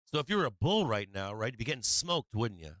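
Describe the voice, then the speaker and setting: Brief: male stock-stream host, bright and clear tone, close dry mic, loose and profane, voice getting worn. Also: mid-range voice, big pitch swings, quick pace, no room sound. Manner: profane, chatty, laughing while watching charts. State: strained, tiring voice. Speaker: livestream trading host. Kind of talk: casual live-stream market commentary.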